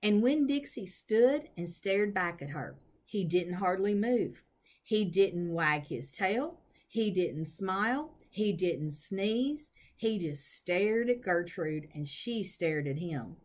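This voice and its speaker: A woman reading a children's novel aloud in an expressive, storytelling manner. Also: medium pitch, slow. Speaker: reader.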